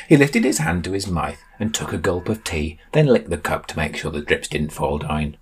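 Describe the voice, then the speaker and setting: A man reading a comic story aloud as storyteller, with deadpan narration. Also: extremely low pitch, normal speed, hardly any pauses, husky.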